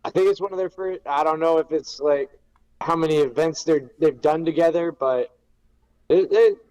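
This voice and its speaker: A man's voice: on the high side, normal speed, mellow, smooth, low-quality recording. A man chatting casually on a panel, upbeat and promoting an event. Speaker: guest, event commander.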